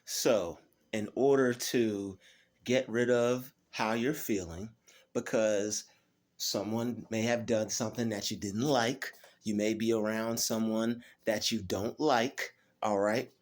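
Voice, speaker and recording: A channel host gives a motivational self-help talk, often asking "all right?" and slowing down to emphasize key phrases. His voice is lowish and steady in tone.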